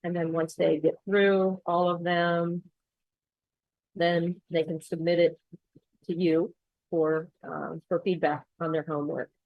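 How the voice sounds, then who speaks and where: A woman's voice: on the low side, flat delivery, slow, vocal fry, no echo, lo-fi sound. A woman accent coach walking through her course materials, explaining steadily with frequent ums. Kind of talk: screen-share tutorial walkthrough.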